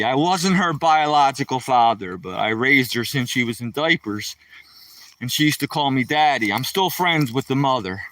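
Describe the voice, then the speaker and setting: A man's voice: medium pitch, fairly bright tone, no room sound, far from the mic, low-quality recording. Chatty man live-streaming from the woods. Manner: rambling, chatty, addresses viewers by name. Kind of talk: casual live-stream storytelling. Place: outdoors walking through woods.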